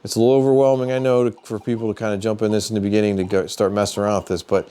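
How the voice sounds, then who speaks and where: Low-voiced man giving a casual how-to. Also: very fast, clean tone. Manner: relaxed, plain-spoken, thinking aloud with fillers. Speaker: metal detecting channel host.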